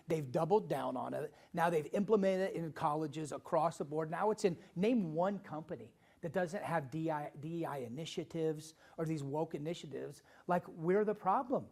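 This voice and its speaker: A middle-aged man from Illinois addresses a town hall meeting in a slightly high, gravelly voice. He speaks with heat and emphasis, circling back to his points and restarting phrases as he goes. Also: normal speed, few pauses, darkish tone. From Illinois, USA. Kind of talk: impassioned town hall speech.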